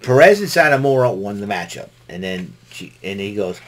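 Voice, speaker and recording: A man hosts his own show and casually recaps the week's events. His voice is a little low, and his talk rambles loosely with frequent restarts. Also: very animated, normal speed. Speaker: solo show host recapping wrestling.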